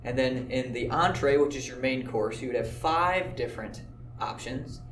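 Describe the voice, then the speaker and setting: A man's voice: medium pitch, normal speed, echoey room, recorded from a distance, slight background noise. A man teaching a math lesson, explaining step by step in an easygoing way with occasional filler words. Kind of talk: classroom lecture video.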